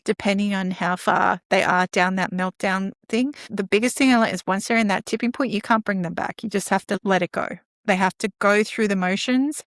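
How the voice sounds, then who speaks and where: Animated woman acting out kid dialogue. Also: mid-range voice, no echo, studio quality. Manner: animated, acts out dialogue with children. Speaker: guest speaker on caregiving. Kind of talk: conversational podcast talk.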